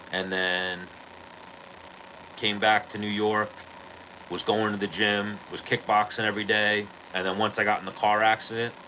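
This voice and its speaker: A man hosting a podcast, telling a rough story in a low, forceful, bright voice. He is profane and animated, with a faint hiss of noise behind him. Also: low-quality recording. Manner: profane, animated retelling of a street fight. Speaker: podcast host. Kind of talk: casual storytelling.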